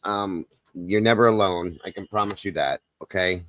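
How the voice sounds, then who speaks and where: Deep-voiced man hosting a livestream. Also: moderate pace, dry recording, studio quality. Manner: soft, consoling, emotional. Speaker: livestream host. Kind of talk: live stream chat, reading comments.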